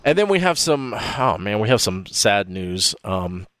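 A man's voice: fairly low pitch, very animated, a bit bright, clear, resonant tone, no room sound. A man hosting a casual podcast, rambling and stumbling over names as he talks. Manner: rambling, halting, fumbles names. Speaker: podcast host.

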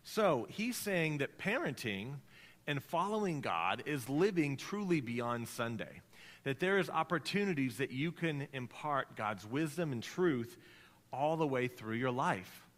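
Male pastor, animated storytelling sermon, bright and slightly high voice, long hall reverb. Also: a little slow.

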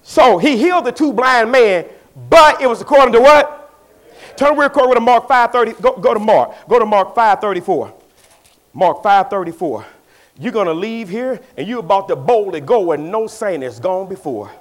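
This man preaches with a strikingly high voice and a Southern US Black vernacular accent. His delivery is folksy call-and-response, telling homely stories before climbing into shouted exhortation. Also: lively intonation, normal speed. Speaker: pastor. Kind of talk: preaching a sermon.

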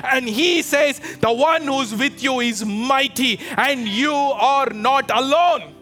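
A man's voice: extremely high pitch, slow pace, pushed and bright, soft background music. A man preaching a fervent sermon to his congregation, calling out to them, urging them and rousing them to respond. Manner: fervent, exhorting, calls out to the congregation. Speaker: pastor. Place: church with a live congregation.

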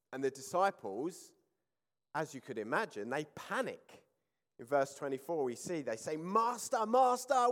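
Preaching man in a reverberant hall. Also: mid-range voice. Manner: reads scripture aloud with rising emphasis, then explains it calmly. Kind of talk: sermon reading and explaining scripture. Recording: church hall with long reverb.

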